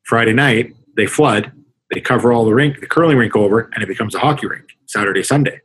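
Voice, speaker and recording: A man's voice: medium pitch, fast, a bit bright, husky, low-quality recording. A man, a hockey coach, answering interview questions in an earnest, rambling way, often restarting his sentences. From Canada.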